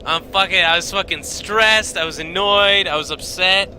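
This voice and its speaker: A man's voice: sits high, normal speed, bright, forceful tone, slight background noise, rough recording. A young man streaming from his home basement, telling a story casually, rambling and swearing with lots of fillers and restarts.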